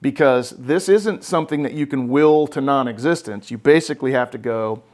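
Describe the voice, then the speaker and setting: In a casual podcast chat, a male therapist host talks at a moderate pace in a mid-range, darkish voice. He's emphatic and profane, blunt in his delivery, and constantly checks in with "right?".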